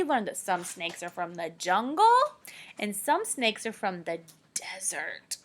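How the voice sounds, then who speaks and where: A woman teacher reading a picture book aloud to children, playful and animated, with dramatic gasps and hushed whispered questions. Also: mid-range voice, unhurried, noisy background. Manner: drops to whispers when asking questions.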